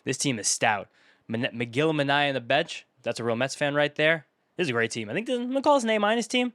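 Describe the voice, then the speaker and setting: Young man, rapid chatty commentary, mid pitch, dry close mic. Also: expressive, fairly bright tone, no room sound. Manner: rapid, chatty, riffing off a list of names. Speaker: fantasy baseball YouTuber. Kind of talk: casual solo commentary, grading viewer teams.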